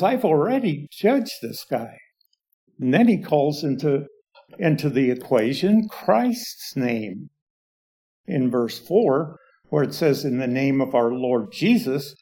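A male Bible teacher works through a passage at an unhurried, measured pace. His voice sits a little higher than most men's. He leans on key words as he explains points of grammar to his listeners. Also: mellow.

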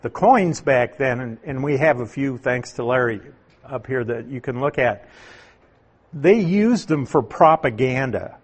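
A man preaching a sermon, teaching through a Bible passage in a slow, deliberate way with emphatic stresses. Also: medium pitch, animated, husky. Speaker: pastor.

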